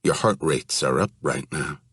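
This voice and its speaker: A man voicing a calm, unflappable man who speaks in a level, measured way. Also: rumbling low, slightly rough, dry recording, clean studio sound, full character voice. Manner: level, measured, matter-of-fact.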